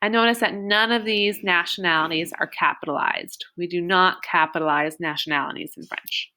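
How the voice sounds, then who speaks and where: A woman teaching a beginner French lesson, slowly modeling each example phrase. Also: fairly low pitch, fairly even intonation, pushed and bright, a little hiss or hum. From United States.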